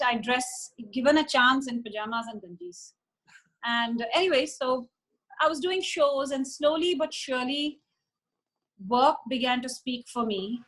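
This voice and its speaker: A woman's voice: high-pitched, animated, normal speed, a bit bright, low-quality recording. A woman, chatting as an interview guest and retelling old stories with quoted voices. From India. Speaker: interview guest, former model. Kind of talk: casual storytelling.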